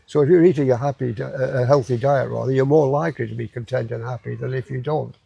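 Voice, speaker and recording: A man's voice: mid-range voice, fairly even intonation, fast talker, gravelly, dark tone, husky, no echo, highs cut off. A man, a guest in a casual chat who repeats words while he finds them. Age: 80s.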